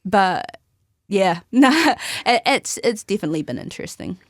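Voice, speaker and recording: A woman's voice: mid-range voice, very animated, normal speed, no room sound, studio quality. A young woman, telling stories as a podcast guest in a chatty way and often laughing mid-sentence. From New Zealand. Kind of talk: casual interview chat.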